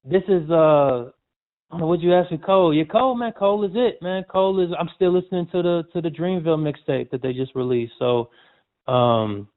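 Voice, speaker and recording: A man's voice: a little high, brisk. Slangy man on a tinny line. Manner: relaxed, storytelling, slangy. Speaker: sportswriter guest. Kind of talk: casual interview chat. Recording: tinny phone-like audio.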